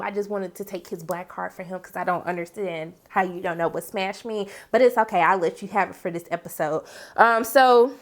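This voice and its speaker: A woman host giving a casual, slangy episode recap, acting out the characters' lines as she goes. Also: on the high side. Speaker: TV review host.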